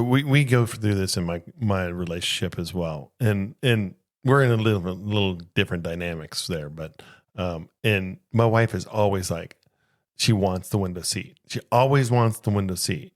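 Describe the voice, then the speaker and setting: A man co-hosting a casual podcast, easygoing and quick to laugh along and chime in. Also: on the low side. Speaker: podcast co-host, flight attendant. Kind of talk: casual chat.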